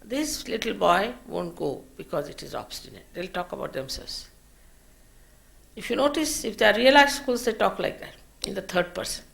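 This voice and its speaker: Gravelly-voiced woman giving a spiritual lecture. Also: medium pitch, expressive. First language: Marathi. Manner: slow, measured teaching with soft trailing phrase ends. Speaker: spiritual teacher. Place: lecture hall at a public program.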